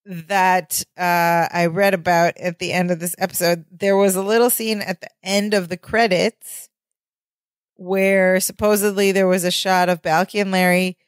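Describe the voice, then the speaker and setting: Low-voiced woman, dry close sound. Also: moderate pace, clear, resonant tone, dry recording. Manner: steady play-by-play narration with small laughs. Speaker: podcast co-host. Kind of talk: casual chat recapping a sitcom episode.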